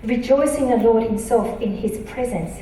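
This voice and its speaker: A woman pastor preaching a sermon, earnest and emphatic, reading scripture slowly. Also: on the high side, dark tone. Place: church auditorium. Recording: echoey church hall from a distance.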